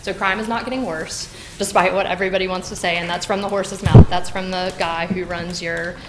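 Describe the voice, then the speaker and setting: A woman's voice: fairly low pitch, fairly even intonation, brisk, heavy background noise. A woman giving heated public comment at a city council meeting, with many fillers and restarts as she addresses the council directly. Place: council chamber.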